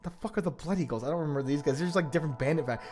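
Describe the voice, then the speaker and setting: A male streamer in casual livestream chat, rambling and profane as he gets excited. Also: a little high, racing.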